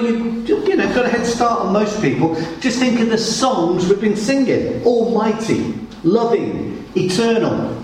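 A man's voice: extremely high pitch, a little hiss or hum. A man preaching a sermon with emphatic repetition, recorded from a distance in a church hall. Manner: emphatic, repeats words for weight. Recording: echoey hall, distant mic.

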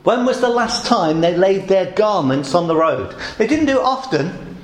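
A man preaches in a lively, rhetorical way, calling out the crowd's cries and answering his own questions. His voice sits fairly high for a man. The sound rings around an echoey church hall. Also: moderate pace. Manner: animated, rhetorical questions, acts out crowd shouts. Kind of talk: sermon.

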